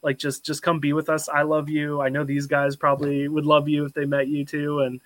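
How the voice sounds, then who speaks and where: An earnest young man talks as a podcast guest, searching for words with many fillers and restarts. His voice sits a little high with a level pitch. The sound is dry and close. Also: monotone, a little fast, a bit bright, no room sound. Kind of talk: casual, heartfelt podcast talk.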